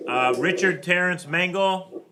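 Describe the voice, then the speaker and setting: A man presiding as judge over bond hearings in a courtroom, briskly and formally reading out charges and bond amounts. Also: sits high. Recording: noisy courtroom recording.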